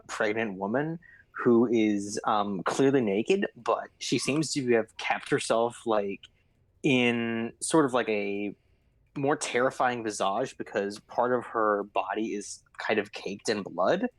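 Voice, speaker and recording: A man narrating as game master over voice chat, casual and halting, with many fillers and restarts. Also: on the low side, no room sound.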